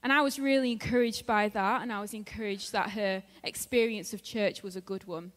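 A woman's voice: mid-range voice, fairly even intonation, brisk. A woman giving a sermon in a church in a conversational way, laughing often and acting out what her friends said. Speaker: preacher. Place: church hall. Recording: long hall reverb.

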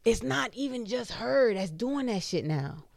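A woman's voice: a little high, expressive, a little slow, gravelly, a little mellow, dry recording, studio quality. A woman hosting a podcast in casual chat, ranting bluntly and emphatically with heavy swearing. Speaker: podcast host.

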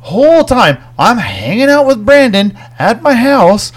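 A man's voice: very high-pitched, very animated, measured pace. A man who is a guest on a podcast, joking in casual, profane banter. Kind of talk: casual chat.

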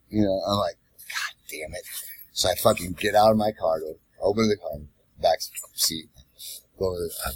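A man's voice: lowish voice, moderate pace, breathy edge. A man telling a wild cab-driving story in casual, profane chat, acting out the voices of the people in it. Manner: profane, animated, acts out voices in his stories. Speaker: podcast co-host, former cab driver.

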